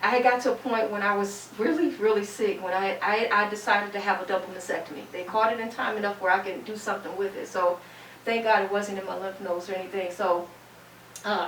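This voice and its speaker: A woman's voice: medium pitch, steady tone, brisk, a bit bright. A middle-aged woman giving an emphatic, preacher-like testimony as a panel guest, repeating phrases for weight. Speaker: guest, cancer survivor. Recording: echoey room, distant mic, faint hum.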